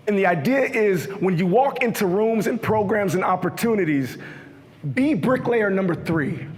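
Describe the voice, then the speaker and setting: A young man giving a motivational keynote, full of energy and leading the audience in call-and-response. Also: sits high. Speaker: keynote speaker. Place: large hall with a live audience. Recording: echoey hall.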